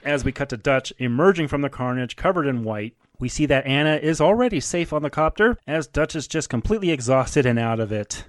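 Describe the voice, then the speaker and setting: A man's voice: mid-range voice, lively intonation, fairly quick, few pauses, no echo. A man recapping a film's scenes in casual chat, narrating events and laughing as he goes. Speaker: podcast co-host recapping a film.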